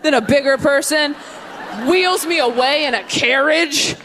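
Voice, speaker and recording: High-voiced young woman doing stand-up. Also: unhurried, fairly bright tone, some chatter behind, a little hiss or hum. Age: young adult. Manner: punchy, playful delivery with mocking put-on voices. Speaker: stand-up comedian. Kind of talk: stand-up comedy set. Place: comedy stage before a live audience.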